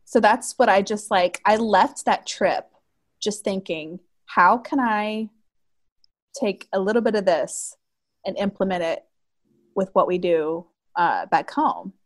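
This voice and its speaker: A woman's voice: mid-range voice, slow pace. Bubbly woman telling travel stories. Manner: bubbly, lively storyteller, frequent "like". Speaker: guest, cheese shop owner. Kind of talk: casual chat.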